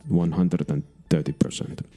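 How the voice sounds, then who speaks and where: A man doing a Finnish rally driver at a press conference, droning in a deep, mellow monotone with a Finnish accent. Each word comes out clunky and stripped of nuance, with faint music behind. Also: moderate pace. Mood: flat, deadpan.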